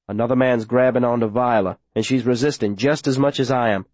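A man narrating a story in the first person, steady and plain, with rural grammar. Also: medium pitch, a little fast, no room sound. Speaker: audiobook narrator.

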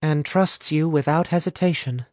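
A man voicing a sharp-tongued young female student who can read minds and scolds bluntly in a storybook reading. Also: low voice, normal speed, no room sound, studio quality, lightly acted. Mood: scolding.

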